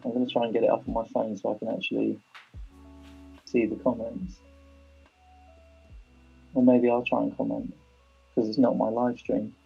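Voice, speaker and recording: A young man with a London accent talks in a relaxed, rambling way, his voice full of fry and rough and breathy. He is a guest on a live-streamed podcast. The audio sounds muffled and lo-fi. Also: medium pitch, normal speed, pauses often, soft background music. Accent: London English. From London, England. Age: 20s. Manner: laid-back, chatty, says "like" often. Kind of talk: casual live-stream chat.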